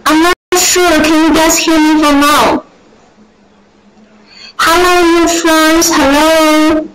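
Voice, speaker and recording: A woman with a Chinese accent hosting a live-stream sales presentation in English, halting and repeating her greetings. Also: sits high, level tone, noisy background. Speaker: livestream sales host.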